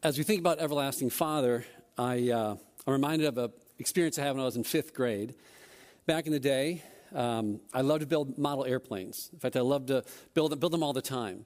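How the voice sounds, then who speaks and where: A man, a church elder, telling a personal story during a service in a self-deprecating, animated way. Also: mid-range voice, fairly quick.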